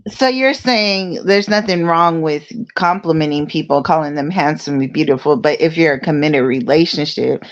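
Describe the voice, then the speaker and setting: A woman's voice: low voice, moderate pace, hardly any pauses, dull audio. A woman on a podcast asking careful, clarifying questions in casual chat.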